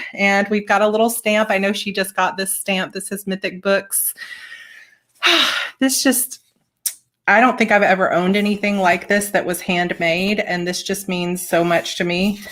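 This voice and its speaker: A woman's voice: mid-range voice, fairly bright tone. A woman hosting a casual live chat, opening fan mail and gushing, tearful and laughing often. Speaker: author and channel host.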